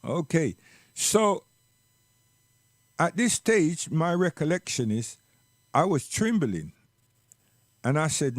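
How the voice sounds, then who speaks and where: Man, reflective storyteller, unhurried delivery, dry close sound. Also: a little high, big pitch swings, no echo. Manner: slow and reflective, repeats words for emphasis. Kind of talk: personal storytelling monologue.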